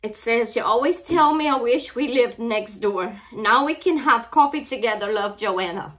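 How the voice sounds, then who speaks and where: A woman's voice: a little high, normal speed, a bit bright. A middle-aged woman with a Cajun Louisiana accent, chatting casually in an unboxing vlog, tearful and heartfelt, often apologizing. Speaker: crafting channel vlogger.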